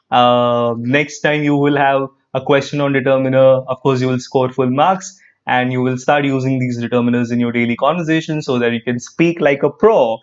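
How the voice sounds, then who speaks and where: A man with an Indian English accent teaching an online grammar class, lively and repetitive, quizzing his students as he goes. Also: medium pitch, lo-fi sound. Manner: lively, repeats phrases, quizzes students, frequent "perfect".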